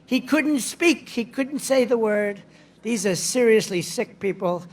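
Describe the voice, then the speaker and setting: A man's voice: high-pitched, expressive, unhurried. A man giving a rally speech in a rambling, boastful, digressive way. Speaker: politician addressing a rally.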